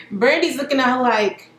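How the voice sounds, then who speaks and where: A woman's voice: sits high, roomy sound. A woman casually recapping a reality TV episode, chatting and quoting the cast as she goes. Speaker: reality TV reviewer.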